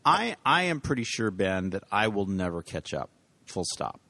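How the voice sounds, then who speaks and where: Dry-witted, animated man. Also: lowish voice, normal speed, vocal fry, dry recording. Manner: dry, sardonic teasing. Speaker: podcast co-host. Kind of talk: casual chat.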